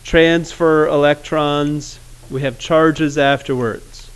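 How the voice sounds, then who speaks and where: A man teaching chemistry in a classroom, casual and joking, with awkward pauses. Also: fairly high pitch, fairly even intonation, clear, resonant tone. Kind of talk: classroom lecture.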